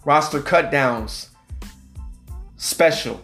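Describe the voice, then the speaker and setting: A man hosting a casual sports podcast. He reads off player names and positions in a steady list, hesitates over hard names with "um", and drops in quick asides. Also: on the high side, gravelly, soft background music. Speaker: podcast host.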